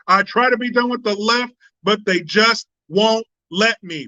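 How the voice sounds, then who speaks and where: A man's voice: high voice, unhurried, sharp tone, dry recording, poor audio. A man hosting a political commentary live stream, talking in a blunt, profane, combative way.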